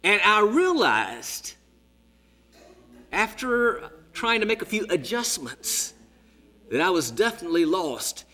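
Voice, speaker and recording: A man in his sixties preaching a sermon as a story, dramatic, dropping to hushed whispers and rising to shouts. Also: high voice, big pitch swings, takes it slowly, pauses often. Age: 60s.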